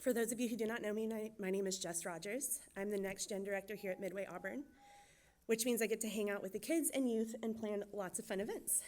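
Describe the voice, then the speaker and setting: A young woman, a church children's director from Georgia, gives a nervous personal testimony, talking quickly and laughing often. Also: medium pitch, darkish tone. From Georgia, USA.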